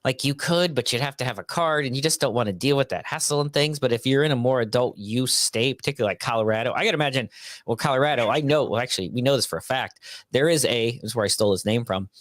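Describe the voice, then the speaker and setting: Animated man hosting, dry close sound. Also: medium pitch, fast talker, no room sound. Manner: animated storyteller, acts out quotes. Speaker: podcast host. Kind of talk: casual interview chat.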